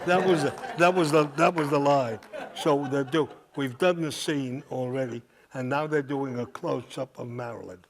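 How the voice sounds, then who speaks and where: A man's voice: mid-range voice, normal speed, creaky. An older man, a guest speaker, telling a rambling anecdote to a live audience in a cinema, laughing as he talks. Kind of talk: storytelling at a live audience event. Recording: audience crowd noise.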